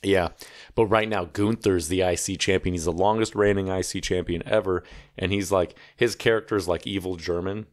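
A man's voice: sits low, fairly even intonation, normal speed. A man co-hosting a podcast, explaining things in casual chat with wry asides and swearing. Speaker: podcast co-host.

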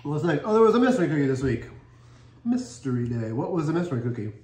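This cookie reviewer's voice runs a little high and sing-song, and he talks fast with a darkish tone. He's the upbeat, chatty host of a casual tasting vlog, speaking mid-chew in an echoey room where faint noise hums in the background.

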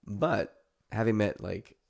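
A man's voice: lowish voice, lively intonation, takes it slowly, creaky, darkish tone. A man co-hosting a podcast, chatting bluntly and swearing casually. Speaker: podcast co-host. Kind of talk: casual chat.

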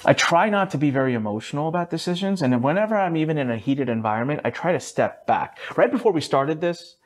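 Animated man telling his story. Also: quick pace. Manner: lively, swings up high for quoted voices, mild swearing. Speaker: guest entrepreneur. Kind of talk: animated storytelling in a podcast interview.

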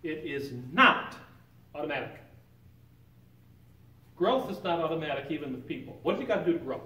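A man's voice: fairly high pitch, lively intonation, moderate pace, pushed and bright. Man teaching a Bible class, echoey and distant. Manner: conversational, quizzes the class with questions. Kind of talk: informal Bible lesson. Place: church sanctuary. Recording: roomy echo, picked up from a distance.

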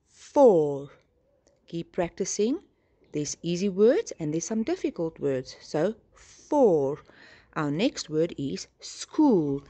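A woman teacher giving a slow spelling lesson to young children, spelling words letter by letter and encouraging them. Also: fairly low pitch, a little mellow.

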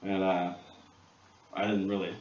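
Low-voiced man telling a story in a roomy workshop. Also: unhurried. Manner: animated storyteller, acts out others' lines. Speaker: guest angler. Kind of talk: casual storytelling. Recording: roomy, dull, distant mic, faint hiss.

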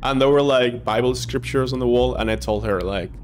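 A young man giving jokey, excitable commentary while playing a game, swearing and reacting loudly. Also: medium pitch, brisk, a little hiss or hum. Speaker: gaming streamer. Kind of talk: let's play commentary. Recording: music playing behind.

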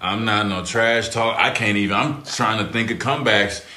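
A former basketball player telling a laughing, animated story in casual talk. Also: male voice, lowish voice, normal speed, reverberant.

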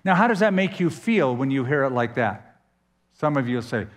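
A man preaching a sermon as pastor, emphatic, with dramatic pauses and sudden swings in pitch. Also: sing-song, in a large hall.

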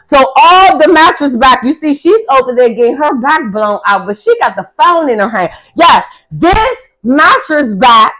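A young woman talks through a casual tarot reading in a high voice, taking her time over each phrase. She is blunt, sassy and profane, and now and then she bursts out loud for emphasis. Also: rough recording. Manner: emphatic, often loud outbursts. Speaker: tarot reader.

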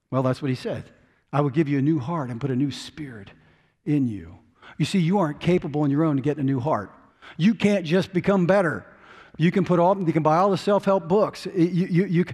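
A man pastor preaching a sermon, swinging from loud urging to hushed, quiet intensity. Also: fairly high pitch, big-room sound. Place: church sanctuary.

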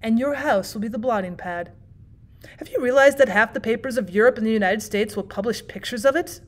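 A cool young prankster, as a woman reader puts him on, delivers outrageous news in a careless, matter-of-fact way. The tone stays calm and lightly menacing, in a fairly high voice. It sounds like a storybook reading. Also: brisk, lightly acted.

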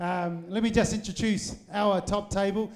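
At a packed hotel function room gathering of supporters, the event host speaks into a handheld microphone in a high-sitting voice, steady in tone and moderate in pace. He keeps the crowd going with jokes, rousing words and teasing asides, and the supporters are faintly audible.

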